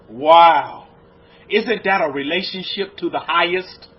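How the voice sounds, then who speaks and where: A rabbi preaches a lecture-style sermon to his congregation, firing off rhetorical questions and swinging between loud exclamations and low, hushed lines. His husky voice is sing-song at a moderate pace, on a dull lo-fi recording.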